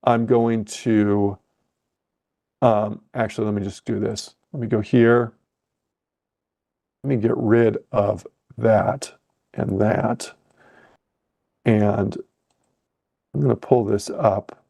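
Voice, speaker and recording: A man coaching a live webcast lesson, thinking aloud and correcting himself as he clicks through trading software. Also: lowish voice, fairly even intonation, slow, creaky, pauses often.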